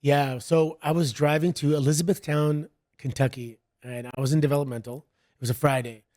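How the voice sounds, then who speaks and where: A middle-aged man from Canada, a guest chatting casually and telling rambling stories in a relaxed way. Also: fairly high pitch, brisk. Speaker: guest, wrestler. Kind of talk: casual interview chat.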